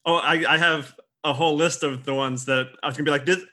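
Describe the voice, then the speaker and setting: A man's voice: on the high side, fairly even intonation, fast talker, sharp tone. A man co-hosting a casual podcast about old films, chatty and self-deprecating, giggling between thoughts. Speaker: podcast co-host. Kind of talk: casual film discussion.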